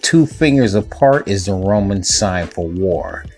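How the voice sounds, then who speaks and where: A man's voice: sits low, animated, unhurried, darkish tone, faint music behind. A man hosting a show, ranting in a mocking, profane way and tagging "man" onto his lines. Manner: swearing, mocking, repeats "man". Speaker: show host. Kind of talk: profane comic rant.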